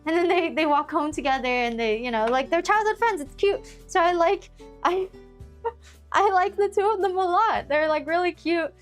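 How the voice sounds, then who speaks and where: Young female streamer, high voice, giggly rambling casual chat, faint music bed. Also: normal speed. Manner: giggly, rambling, with many fillers and restarts.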